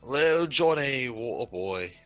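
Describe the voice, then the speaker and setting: A man playing his character in a tabletop game, gruff and laconic with swearing. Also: mid-range voice, animated, measured pace, a bit bright, muffled recording, faint music behind. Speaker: player. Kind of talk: in-character role-play banter.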